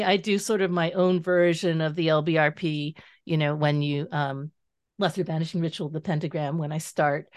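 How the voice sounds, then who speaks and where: Woman on a podcast, lowish voice, dry close sound, chatty and explaining stuff, laughs a lot. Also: no room sound. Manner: animated and explanatory, laughs easily. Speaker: guest author and tarot teacher. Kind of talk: casual interview conversation.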